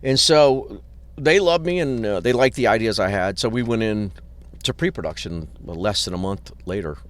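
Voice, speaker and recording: Middle-aged producer guy, lowish voice, rambling swear-heavy stories, chatting outside in a parking lot. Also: moderate pace. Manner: animated anecdotes with profanity and acted quotes. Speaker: guest, record producer. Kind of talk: casual storytelling.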